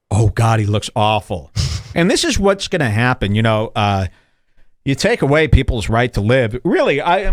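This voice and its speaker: A man's voice: medium pitch, no room sound, clean studio sound. A man hosting a podcast, telling rambling, sarcastic stories in a casual comedic chat. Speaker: podcast host.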